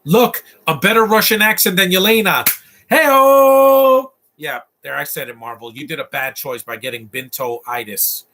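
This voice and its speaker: A man's voice: medium pitch, normal speed, few pauses, sharp tone. A man giving casual, opinionated live commentary while watching a movie, rambling through asides and restarts.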